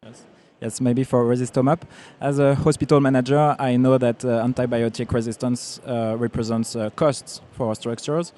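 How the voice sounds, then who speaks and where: A man on a judging panel asking slow, careful questions. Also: medium pitch, fairly even intonation, dark tone. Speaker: panel judge.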